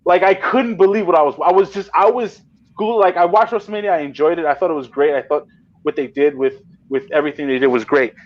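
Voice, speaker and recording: Excitable, profane New man. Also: on the high side, quick pace. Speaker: wrestling promotion owner. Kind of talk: casual podcast chat. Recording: dull lo-fi audio.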